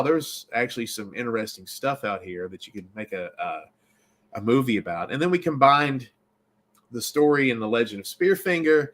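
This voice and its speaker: Rambling storyteller man from Baltimore. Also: medium pitch. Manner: rambling, animated storytelling with restarts. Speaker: filmmaker and actor. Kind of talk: casual interview storytelling.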